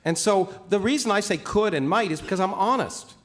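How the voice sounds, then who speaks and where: A man's voice: high voice, fairly quick, fairly bright tone. A male scientist debating on a stage, answering bluntly and insistently in a large auditorium. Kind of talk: formal debate rebuttal.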